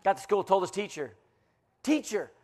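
A man in his fifties, a guest pastor giving a joke-filled sermon and teasing the crowd as a playful, animated storyteller. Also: high-pitched, moderate pace.

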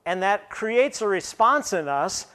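A man pastor giving a sermon in a conversational preaching style, slowing down and stressing key words, with frequent fillers and restarts. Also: high voice, big pitch swings, pushed and bright, clear, resonant tone.

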